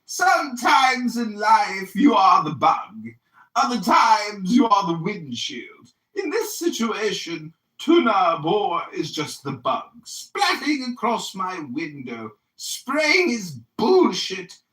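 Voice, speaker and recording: Ranting man in his forties, lively pitch. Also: slow, roomy sound, recorded from a distance, low-quality recording. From United States. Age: 40s. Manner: taunting, shouting insults. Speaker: political candidate. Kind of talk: heated online room argument.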